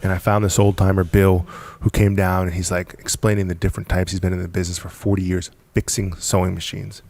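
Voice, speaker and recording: A podcast guest who founded a business tells the story of how he got it started, speaking fast in a low, gravelly, darkish voice with a level tone. He's emphatic, repeats his words and laughs often in this casual storytelling, recorded dry.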